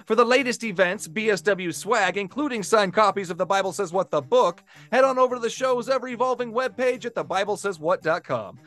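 A man with a notably high voice hosts a podcast. He teases and challenges his guests with playful skepticism. He also reads the show's closing lines in an easy, casual way. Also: a little fast, few pauses, a bit bright, faint music behind. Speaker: podcast host. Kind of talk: casual podcast chat and outro.

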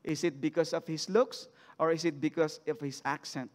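High-voiced preacher in a reverberant church. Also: male voice, lively intonation, moderate pace. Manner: reads scripture then asks the congregation questions. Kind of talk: sermon with scripture reading. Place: church sanctuary. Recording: long church hall reverb.

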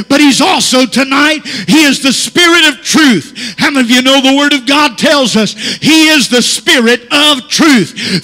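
High-pitched preaching man in a reverberant church. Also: bright, forceful tone. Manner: preaching with frequent "uh" fillers and calls for amen. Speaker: pastor. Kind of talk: Pentecostal sermon. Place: church sanctuary. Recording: long church hall reverb.

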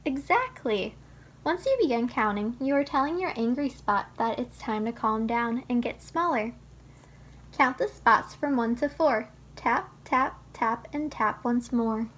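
High-voiced woman reading a storybook. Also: expressive, unhurried, husky. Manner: gentle, teaching tone, speaks to the child listener. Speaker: children's book reader. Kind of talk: storybook read-aloud.

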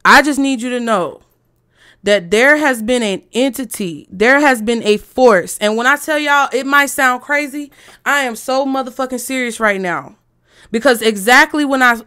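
A woman's voice: on the high side, sharp tone. A woman giving a tarot reading to her viewers, speaking bluntly and emphatically with a lot of profanity. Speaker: tarot reader.

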